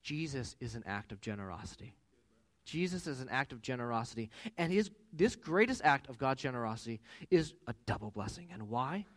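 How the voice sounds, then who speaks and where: A man in his thirties preaching a sermon as pastor, with animated storytelling that rises loud for quoted voices. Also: medium pitch, a little fast.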